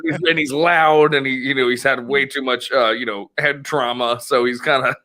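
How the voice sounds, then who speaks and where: Bright-voiced man telling a rambling story. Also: mid-range voice, steady tone, moderate pace. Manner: rambling, profane, laughs a lot, acts out quoted voices. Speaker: podcast host. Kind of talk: casual storytelling chat.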